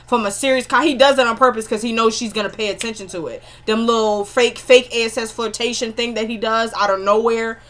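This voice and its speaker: A woman casually recapping a TV episode in an animated, chatty way, spelling out her swear words. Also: a little high, fairly quick, hardly any pauses. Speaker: TV episode reviewer.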